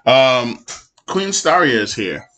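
A man's voice: medium pitch, very animated, slow pace, sharp tone. A man in his thirties hosting a podcast, chatting casually and teasing his co-hosts with playful banter. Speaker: podcast host. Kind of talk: casual chat.

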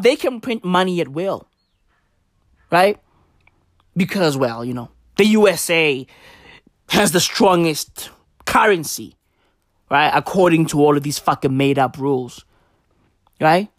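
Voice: mid-range voice, no room sound, studio quality. A vlogger from Africa, ranting casually to camera in a profane, emphatic way and repeating points for effect. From South Africa.

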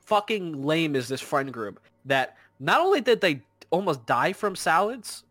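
A man's voice: a little high, very animated, measured pace, background noise. A man co-hosting a casual, profane chat, retelling a story with insistent, exasperated energy.

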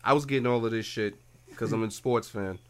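A man co-hosting a podcast, chatting casually, telling stories full of swearing and loudly acting out other people. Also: lowish voice, fairly quick, clear, resonant tone. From New York. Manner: animated, profane storytelling with loud acted-out crowd quotes. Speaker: podcast co-host. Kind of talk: casual chat.

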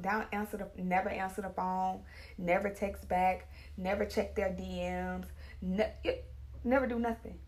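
A woman hairstylist, talking in a chatty, emphatic casual monologue. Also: fairly low pitch. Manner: chatty, animated, emphatic, with dialect grammar. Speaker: hairstylist and salon owner.

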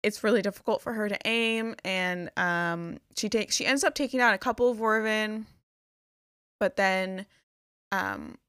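A young woman recaps a fantasy plot in loose, rambling casual chat, peppered with fillers. Her voice sits at a middling pitch, recorded close and dry with no room sound. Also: a little slow, fairly bright tone, clear, resonant tone, no room sound. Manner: rambling retelling with many "like" fillers. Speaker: podcast co-host.

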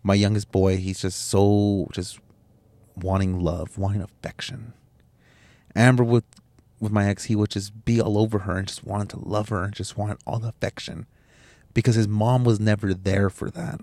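A man speaks in a fairly low voice, telling a personal story as a podcast host. He is candid and emotional, swears freely and often restarts his sentences. The recording is dry, with no room sound. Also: level tone, normal speed, dark tone, dry recording.

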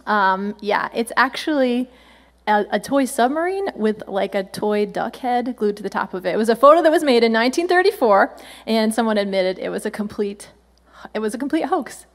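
Bubbly woman pastor, slightly high voice. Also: very animated, normal speed, a bit bright. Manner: chatty, playful, laughs often. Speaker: senior pastor. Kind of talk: sermon.

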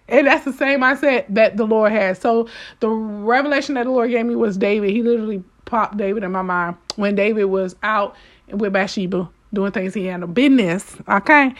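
Fervent woman preaching, voice set fairly high. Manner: emphatic and repetitive, addressing listeners directly; switches between fervent outbursts and quiet asides. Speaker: devotional speaker. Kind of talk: informal spoken devotional.

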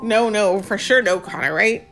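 A woman's voice: medium pitch, normal speed, fairly bright tone, faint music behind. A woman reading a storybook aloud to children and asking them questions between pages. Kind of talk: bedtime-style storybook reading with chat.

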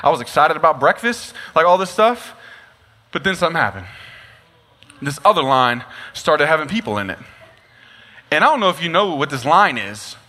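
A young man preaching a sermon, telling a comic story with lively asides. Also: on the high side, normal speed, pauses often. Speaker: pastor. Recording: long reverb of a large hall.

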